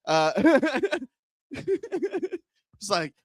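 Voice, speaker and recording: A man's voice: extremely high pitch, huge pitch swings, very slow, dry recording, studio quality. A man doing a stand-up comedy set in a club, chatting with the crowd, rambling and laughing at his own jokes.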